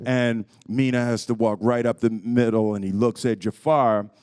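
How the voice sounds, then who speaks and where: This is a man in his fifties fielding questions at a press conference. His voice is smooth and clear, sitting at an ordinary pitch. He moves between reflective answers and animated anecdotes. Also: normal speed. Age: 50s. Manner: reflective, then animated storytelling. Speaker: lead actor at a press conference.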